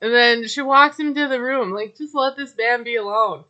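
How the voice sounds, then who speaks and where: A woman's voice: on the high side, moderate pace, sharp tone, highs cut off. A woman casually recapping a reality show, chatty and gossipy, with lots of filler words and judgmental asides.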